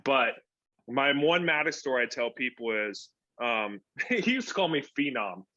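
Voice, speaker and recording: Bright-voiced man telling stories. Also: medium pitch, normal speed. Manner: animated storyteller who acts out quoted dialogue. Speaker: guest, former pro pitcher. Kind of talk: casual storytelling interview. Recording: dull lo-fi podcast audio.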